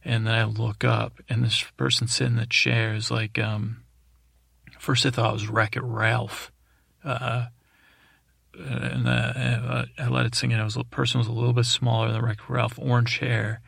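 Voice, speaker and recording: A man hosting a podcast, rambling through an improvised bedtime story in a halting way, with many fillers and restarts. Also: medium pitch, little pitch movement, creaky, fairly bright tone, slightly rough, no echo, studio quality. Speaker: podcast host.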